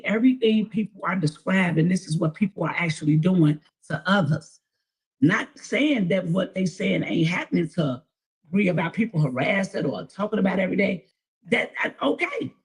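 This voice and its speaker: A woman with a gravelly, very raspy voice speaks in a casual commentary clip. She is blunt and insistent and repeats her point. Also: mid-range voice.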